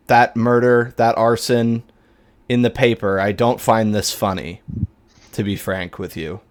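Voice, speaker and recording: A man's voice: medium pitch, lightly acted. A man voicing a stern, offended priest who scolds in formal, indignant speech. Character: stern middle-aged male priest, offended.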